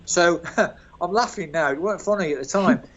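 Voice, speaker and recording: A man in his sixties from Birmingham, telling animated, self-mocking stories as an interview guest. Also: sits high, normal speed, muffled recording. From England, Birmingham. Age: 60s. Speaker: guest, former footballer. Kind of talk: storytelling interview.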